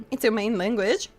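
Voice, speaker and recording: This woman streams as a VTuber, casually chatting with her audience and reading their messages aloud. Her voice is fairly high with a darkish tone, and her English, not her first language, carries an accent. She's chatty, laughs often and uses lots of fillers.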